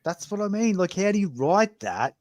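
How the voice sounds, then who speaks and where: A man's voice: sits high, big pitch swings, normal speed, darkish tone. A man in casual book discussion, exasperated and swearing.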